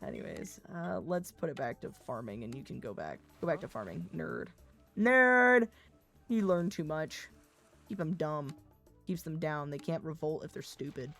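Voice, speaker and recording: A woman streamer from the American Midwest chatting casually, rambling and swearing, laughing often, with an expressive, slightly Valley Girl tinge. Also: deep voice, normal speed, vocal fry, faint music behind. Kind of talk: casual livestream chat.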